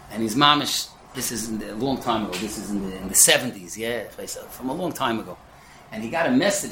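A man's voice: mid-range voice, a little hiss or hum. A man giving a Torah lecture, telling stories with words mixed in. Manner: animated storytelling peppered with Yiddish. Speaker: yeshiva lecturer. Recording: echoey room with faint ambience.

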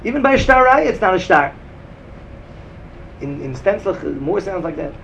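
Gravelly man with Yeshivish English accent. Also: big pitch swings, normal speed, fairly bright tone, muffled recording, a little hiss or hum. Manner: sing-song, rising to emphatic bursts and dropping low. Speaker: Talmud teacher. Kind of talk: yeshiva-style Talmud lecture.

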